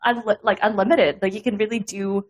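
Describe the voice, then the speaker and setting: A woman's voice: mid-range voice, fairly even intonation, a little fast. A young adult woman hosting a podcast, chatting casually with plenty of fillers. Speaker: podcast host. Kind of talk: casual chat.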